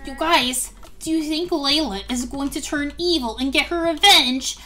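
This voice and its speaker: A woman narrating a life-sim game as a gaming video host, excitable and chatty. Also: high-pitched, moderate pace, slight background noise. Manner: excitable, gasps and laughs often. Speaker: gaming youtuber. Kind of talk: let's play commentary.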